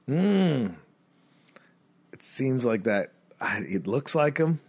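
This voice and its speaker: A man co-hosting a podcast in casual chat, telling a rambling bar story and mimicking people in high squeaky voices. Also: big pitch swings, slow pace, a little mellow, breathy edge. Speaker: podcast co-host.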